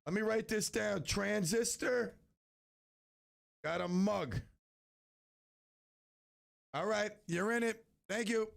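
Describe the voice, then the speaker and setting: A male radio host chats with callers and spins a jokey story about a customer. His voice sits high and carries a heavy, crackly fry. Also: slow, pauses often. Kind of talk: casual radio show chat.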